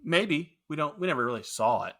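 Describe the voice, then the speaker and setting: A man with a bright, ringing tone and a pitch that leaps up and down as he argues his take. He talks like a podcast co-host in loose, opinionated chat and swears without a second thought. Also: fairly quick. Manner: animated, opinionated, swears freely. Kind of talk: casual movie review chat.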